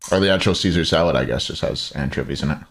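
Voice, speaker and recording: Talking fast with vocal fry in a bass voice, a man hosts and casts a live esports stream. He trades jokes and casual banter with viewers while covering the game.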